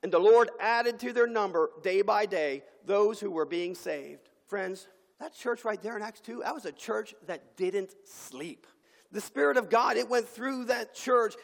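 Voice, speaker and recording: A man preaching a sermon as pastor in a church sanctuary, with impassioned delivery and dramatic pauses. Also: high voice, vocal fry. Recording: long hall reverb.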